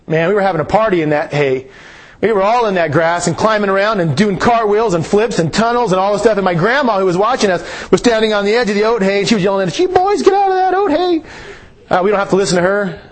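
A man preaching a sermon, slow and emphatic, his voice rising on key phrases. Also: high-pitched. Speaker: pastor.

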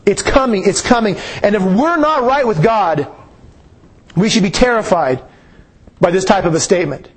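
High-voiced preacher man, slow and emphatic. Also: very animated, husky. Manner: slow emphatic delivery, rises on key phrases. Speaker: pastor. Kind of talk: sermon.

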